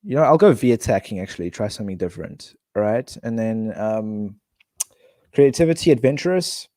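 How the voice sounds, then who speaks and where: A man from South Africa chatting casually on a live stream, thinking out loud and reading viewers' comments aloud. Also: lowish voice, expressive, brisk, no echo, clean studio sound.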